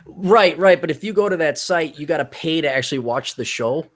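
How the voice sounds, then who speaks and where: A man's voice: a little high, lively intonation, a little fast. A man hosting a casual livestream, rambling and reading chat comments aloud. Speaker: livestream host.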